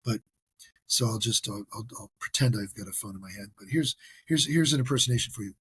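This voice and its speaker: Man, podcast host, casual solo talk, earnest, self-deprecating, husky voice, dry close sound. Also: mid-range voice, fairly quick, a bit bright, no room sound.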